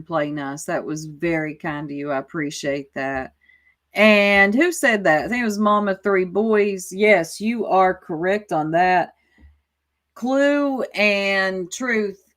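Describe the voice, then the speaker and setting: Southern woman, unhurried livestream host, chatty and reactive, thanking viewers between comments. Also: fairly low pitch. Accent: Southern American. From Southern United States. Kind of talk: casual live-stream commentary.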